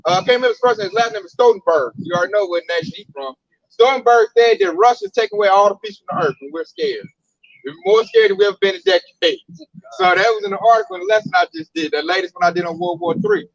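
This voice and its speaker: High-voiced man preaching bluntly. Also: animated, quick pace, gravelly, no room sound, dull audio. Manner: blunt, emphatic, slangy. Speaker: Bible teacher. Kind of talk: casual street preaching.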